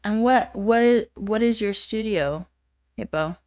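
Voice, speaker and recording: A woman's voice: mid-range voice, slow pace, a little mellow, dull audio. A young woman hosting a livestream, chatting casually and reading viewer comments aloud in a laid-back, playful way. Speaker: livestream host.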